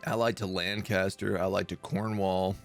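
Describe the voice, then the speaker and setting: A man's voice: low voice, level tone, normal speed, vocal fry, soft background music. A man streaming a strategy game, thinking aloud in casual, chatty live commentary.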